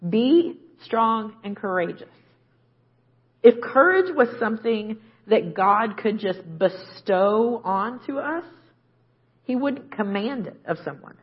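A woman's voice: fairly high pitch, lively intonation, slow, slightly rough, lo-fi sound. A woman preaching a conversational sermon, often checking in with "right?". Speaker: guest preacher.

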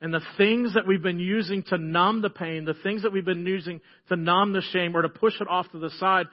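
Middle-aged male pastor, high-pitched, preaching earnestly with soft hushed drops; slightly muffled recording. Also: steady tone, brisk. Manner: earnest, drops to a soft hush on key phrases. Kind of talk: sermon.

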